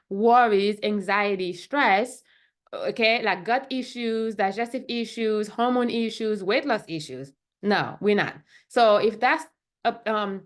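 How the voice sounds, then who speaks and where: A woman who is a functional medicine doctor, talking casually to the camera in a chatty way and often checking in with "right?" and "okay?". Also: medium pitch.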